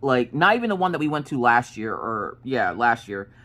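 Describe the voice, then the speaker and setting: A woman's voice: very deep voice, very animated, moderate pace, fairly bright tone. A woman in her thirties chatting casually while she crafts. She rambles and often corrects herself mid-sentence. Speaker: crafting streamer.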